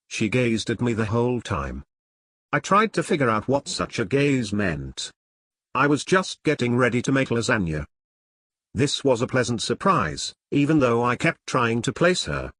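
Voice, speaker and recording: Man narrating an audiobook, lively pitch. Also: no room sound, studio quality. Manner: measured first-person reading. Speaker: author and narrator.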